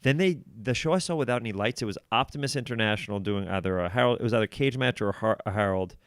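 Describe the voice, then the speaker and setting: A man in his forties, a comedian guest on a podcast, telling animated stories and acting out what people said. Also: on the low side, fast talker, smooth, dry recording, clean studio sound. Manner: animated storytelling, acts out quotes. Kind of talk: casual podcast conversation.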